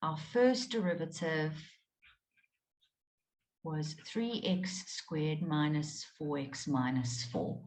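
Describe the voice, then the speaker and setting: A woman teaching a live online maths class, explaining steps patiently and checking in with her students often. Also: on the low side. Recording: roomy echo.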